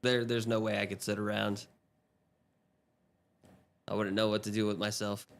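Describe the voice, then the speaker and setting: A man in a casual podcast chat who adds short, quiet remarks. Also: lowish voice, level tone, moderate pace, creaky.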